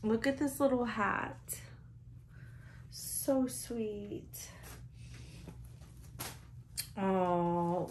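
A woman hosting a doll-collecting vlog, opening a gift box, gushing and emotional, close to tears, with sighs and soft laughs between words. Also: on the high side, slight background noise. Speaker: reborn doll channel host.

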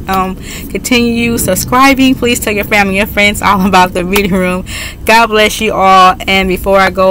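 A woman's voice: mid-range voice, fairly even intonation, normal speed, a bit bright, a little hiss or hum. A woman beauty vlogger talking earnestly to her viewers and leading a heartfelt, repetitive prayer. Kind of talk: heartfelt talk to camera and prayer.

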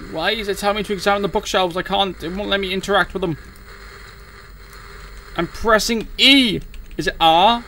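A man's voice: high voice, moderate pace, long pauses, sharp tone, slight background noise. A young man, commentating a horror game as he plays, jumpy and swearing at it. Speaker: gaming streamer.

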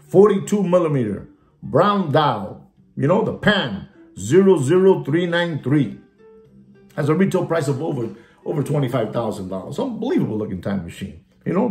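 Gravel-voiced and a little mellow, a man rants through a theatrical, mocking update on the watch market, repeating the same catchphrases and dropping in Spanish asides. His pitch swings widely. Faint guitar music plays behind him in an echoey room.

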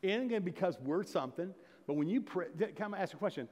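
Folksy pastor preaching in a reverberant hall. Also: male voice, sits high, expressive, rapid-fire, a little mellow. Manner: folksy storytelling, rising to emphatic exhortation. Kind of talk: sermon. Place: church sanctuary. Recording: long reverb of a church hall.

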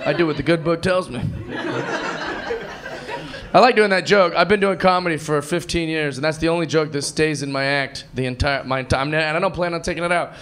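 On a club stage, a man performs stand-up, telling stories with animated, mocking voices and self-assured delivery. His voice is a little high, and loud crowd noise fills the club ambience.

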